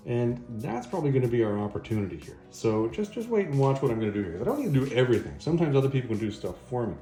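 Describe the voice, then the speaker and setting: Sly plotting lady, guy doing her voice, kinda higher, echoey room. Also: big pitch swings, rapid-fire, dark tone, faint music behind, natural voice. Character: scheming woman, a sorcerer's lover.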